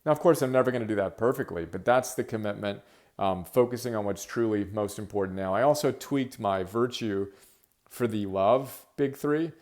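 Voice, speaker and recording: A middle-aged man hosting his own podcast, talking solo in an energetic, emphatic, rambling way with many fillers. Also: on the low side, moderate pace. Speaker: podcast host. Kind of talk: casual solo monologue.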